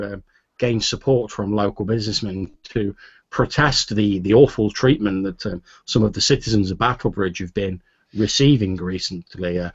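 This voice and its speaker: A soft, polite woman, voiced by a man, picking her words hesitantly. The voice stays close to his own speaking pitch. The tabletop-game recording sounds dull and lo-fi. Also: no room sound.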